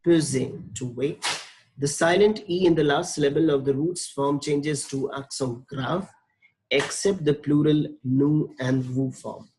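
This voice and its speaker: The audio is poor and carries slight background noise. Through it comes a man's voice, higher than average, fairly even in intonation and darkish in tone, as he slowly and patiently teaches French verb conjugation from slides, spelling letters and repeating forms.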